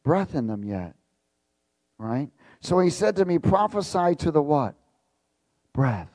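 A male preacher reads scripture aloud during a call-and-response sermon, pausing often to quiz the congregation and repeating key words for emphasis. His voice is a little high, sing-song and slow with a darkish tone, recorded dry.

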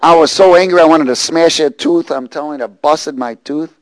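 A man preaching a sermon, reading scripture and telling a lively personal story. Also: on the high side, a little fast, no echo, low-quality recording. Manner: animated storytelling, rising to shouts and laughter.

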